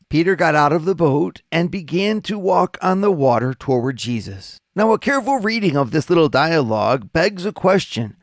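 Gravelly priest giving a gospel reflection. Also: male voice, on the high side, lively intonation, no room sound. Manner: measured, questioning preacher's delivery. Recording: dry studio voice over faint music.

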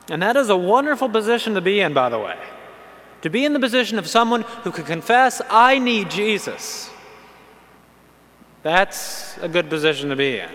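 A man preaching to an audience, telling a funny story in a lively way and then turning to earnest teaching. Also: on the high side. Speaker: Catholic preacher. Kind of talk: humorous sermon to an audience. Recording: long hall reverb.

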